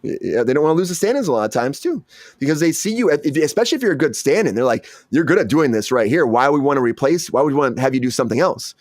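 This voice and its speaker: In a dry, studio-quality recording, a man talks at a racing pace. He's an actor and the show's host, and he chats casually, animatedly performing quotes from his stories in a raised, high voice.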